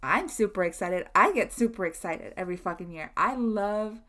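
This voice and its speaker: A woman's voice: mid-range voice, lively intonation, moderate pace, sharp tone. A young adult woman hosting her own podcast, chatting casually and rambling with lots of filler words. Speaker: podcast host. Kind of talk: casual solo podcast chat.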